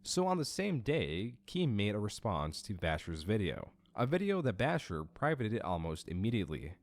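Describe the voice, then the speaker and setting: A man narrating an online drama documentary in a measured, explanatory way. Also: on the low side, very animated. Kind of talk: scripted narration.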